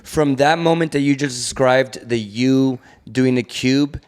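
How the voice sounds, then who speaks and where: A man co-hosting a casual podcast, with a voice of ordinary pitch. He steers the talk with probing follow-up questions. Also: unhurried, smooth. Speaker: podcast co-host.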